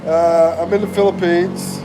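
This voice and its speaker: Man, slow and chatty, slightly high voice, congested from the flu, noisy street behind. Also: flat delivery. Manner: slow, chatty, reads viewer comments aloud and greets them. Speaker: livestream host. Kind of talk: casual livestream chat reading comments.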